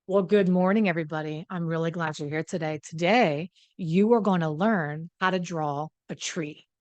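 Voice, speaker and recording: A woman's voice: lowish voice, moderate pace, a little mellow, no room sound, lo-fi sound, natural voice. A prim, rule-bound schoolteacher, as a woman storyteller puts her on, sing-song and bossy with her class. The voice is set in a dry, close room. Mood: chirpy. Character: prim cheerful woman schoolteacher, rigid about rules.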